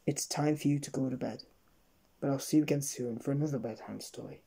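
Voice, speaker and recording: A man gently reading a children's bedtime story aloud at an unhurried pace. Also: mid-range voice, vocal fry, breathy edge.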